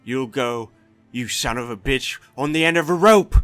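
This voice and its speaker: A man voicing a frightened male town guard who yells in a trembling voice. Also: mid-range voice, normal speed, faint music behind, pitched above the performer's own voice, natural voice. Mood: frightened anger. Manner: yelling with a trembling voice.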